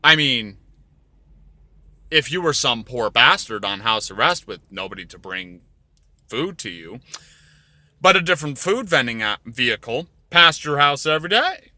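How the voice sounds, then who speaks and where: A man telling crude comedy stories in a rambling way, with deadpan asides. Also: medium pitch, moderate pace, pauses often, dry recording. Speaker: storyteller. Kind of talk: crude comedic storytelling over drawings.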